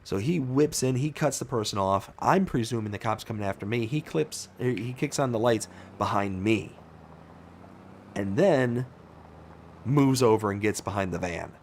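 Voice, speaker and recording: A man hosting a casual live gaming stream, telling stories with animated reactions and answering viewer chat. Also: on the low side, moderate pace, slight background noise.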